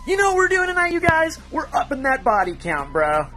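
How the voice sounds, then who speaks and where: A woman's voice: high voice, very animated, a little fast, fairly bright tone. A woman in a played comedy skit clip, talking in hyped, joking banter over faint music.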